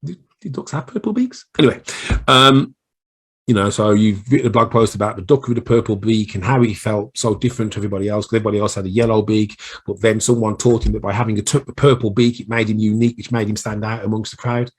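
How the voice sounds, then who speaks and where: A small business marketing coach with a Birmingham (Brummie) accent records himself on camera for a casual solo training video. His lowish, husky voice is flat and quick, and he's chatty and rambling with self-deprecating asides.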